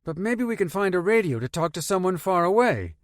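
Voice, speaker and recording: Level-headed teen girl, dry and reasonable, as a male narrator puts her on, higher voice, close dry read. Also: a little fast, dry recording. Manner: dry, reasonable, a little deadpan. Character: practical teenage girl, reluctant leader. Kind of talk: audiobook character voice.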